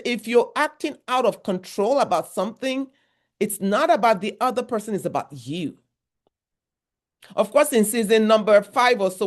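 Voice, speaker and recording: A Nigerian woman, a therapist, leads a motivational workshop with a medium-pitched voice. Her talk is conversational and repetitive, punctuated by emphatic asides.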